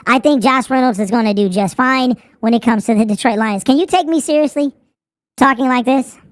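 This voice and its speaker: A man using a pitch-shifting soundboard voice changer to talk as a squeaky chipmunk, playful and teasing. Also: a little fast, dry recording. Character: squeaky chipmunk voice, cartoonish and jokey.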